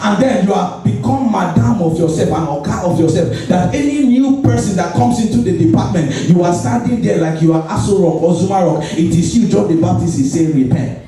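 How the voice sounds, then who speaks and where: Nigerian pastor guy, high voice, preaching far off the mic in a big echoey church, music underneath. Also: fairly quick, hardly any pauses, dark tone. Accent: Nigerian English. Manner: preachy, acts out the congregation in little skits and repeats a refrain. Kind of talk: lively church sermon with call and response. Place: large church hall. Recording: echoey church hall, voice from a distance.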